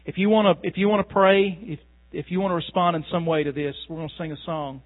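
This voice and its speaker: A man preaching a sermon as pastor, earnest and warm in appeal, closing with a prayer and an altar call. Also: high voice, steady tone, fast. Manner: earnest preaching, rising with emotion when reading the poem. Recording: tinny phone-like sound with mains hum.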